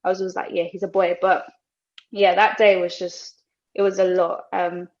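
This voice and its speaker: A woman's voice: fairly low pitch, normal speed, lo-fi sound. A young woman from Colombia with a British English accent, telling her story as a podcast guest and slipping Spanish phrases into her English. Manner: animated, acts out other people's lines. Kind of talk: casual storytelling.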